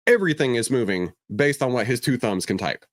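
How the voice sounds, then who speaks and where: A male host in a relaxed podcast conversation who jokes around and keeps questions coming. His pitch swings widely, and the sound is dry with little room echo. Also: a little fast. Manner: joking, lively, asks questions. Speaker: show host. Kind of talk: casual podcast chat.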